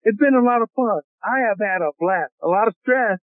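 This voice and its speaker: High-voiced older man on a phone line. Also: a little fast, dry recording. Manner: animated storyteller who keeps addressing the hosts as "fellas". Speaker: college football head coach and guest. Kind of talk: phone interview. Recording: tinny phone line with hiss.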